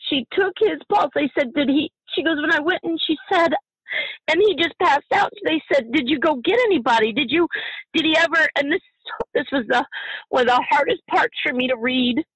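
A middle-aged bereaved mother, a guest in an emotional interview, speaking passionately and haltingly, repeating herself, at times near tears. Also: sits high, fairly bright tone, no room sound, poor audio.

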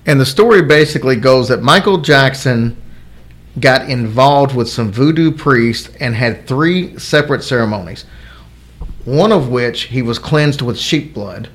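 A man's voice: mid-range voice, animated, unhurried, fairly bright tone. A man co-hosting a casual talk show, telling odd celebrity stories in a rambling, joking way with many restarts. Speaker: podcast co-host.

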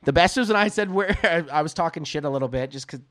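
Loud, profane Canadian man, high voice. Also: lively intonation, quick pace, no room sound, studio quality. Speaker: podcast co-host. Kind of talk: casual chat.

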